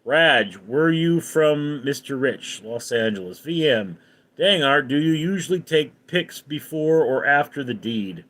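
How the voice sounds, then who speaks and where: A man's voice: fairly high pitch, lively intonation, unhurried, a bit bright. A man hosting a casual live stream, reading viewer comments aloud and answering them offhandedly. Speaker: livestream host.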